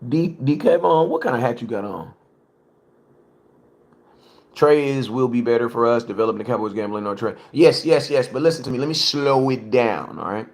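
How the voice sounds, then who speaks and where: Slangy man chatting on a live stream. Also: medium pitch. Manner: slangy, chatty, repeats himself, slows words for emphasis. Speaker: livestream host. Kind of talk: casual live-stream sports talk. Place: home, cooking. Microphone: phone for live stream.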